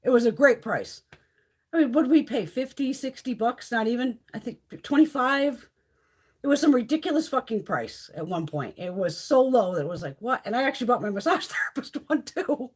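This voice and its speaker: A woman's voice: a little high, big pitch swings, a little fast, slightly rough. A middle-aged woman chatting casually and profanely on a beauty live stream, laughing often.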